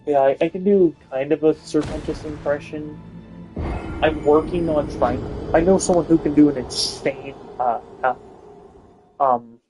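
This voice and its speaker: A man's voice: on the high side, unhurried, over music, rough recording. A young man giving casual gameplay commentary, rambling with lots of fillers and self-corrections. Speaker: gaming video host.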